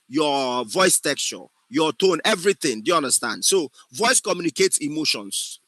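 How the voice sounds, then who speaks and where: A man's voice: fairly high pitch, bright, forceful tone, dry recording, low-quality recording. A man teaches an acting class, speaking with emphasis and often asking if his students follow. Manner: emphatic, often checks understanding. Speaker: acting instructor. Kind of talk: classroom lecture.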